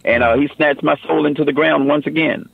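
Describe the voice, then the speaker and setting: A man's voice: fairly high pitch, steady tone, a little fast, vocal fry, husky, no echo, narrow, tinny audio. A man giving an earnest personal testimony in a radio interview, often saying "man" and "you know".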